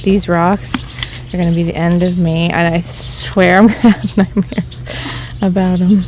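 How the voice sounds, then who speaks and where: A woman's voice: lowish voice, level tone, a little slow, darkish tone, a little hiss or hum. Breathless woman vlogging yard work outdoors. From Ohio. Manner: chatty, self-deprecating, laughs often. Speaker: DIY garden vlogger. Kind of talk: casual vlog narration while working outdoors. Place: outdoor backyard garden.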